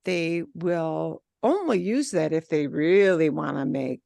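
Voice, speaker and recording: A woman teaching a Spanish class, explaining grammar with lively emphasis and repeating example phrases. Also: low-pitched, slow, vocal fry, dry recording, clean studio sound. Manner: animated, emphatic, switches between English and Spanish examples. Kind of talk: online class instruction.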